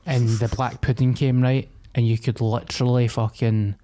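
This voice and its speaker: A man's voice: medium pitch, little pitch movement, moderate pace, dark tone. A young Scottish man co-hosting a podcast, telling a sweary rant in casual chat. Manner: swears a lot, tells rants with acted-out quotes. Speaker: podcast co-host.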